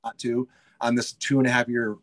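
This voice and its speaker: Fast-talking pizza shop owner, a man. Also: medium pitch, monotone, fairly bright tone. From United States. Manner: rambling, eager, lots of fillers and restarts. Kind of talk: casual interview chat.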